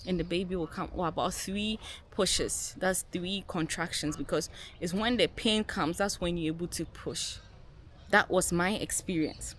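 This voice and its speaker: A woman's voice: fairly low pitch, moderate pace, a little hiss or hum. A woman vlogger telling a personal story to her viewers in an emphatic way, repeating key words and calling them guys.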